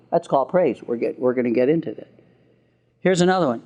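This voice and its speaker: A man's voice: a little high, huge pitch swings, a little fast, a little mellow. A man giving a lecture on parenting, joking and laughing as he acts out what parents and children say. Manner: jokey, laughs at own lines, acts out parent and child voices. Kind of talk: recorded lecture.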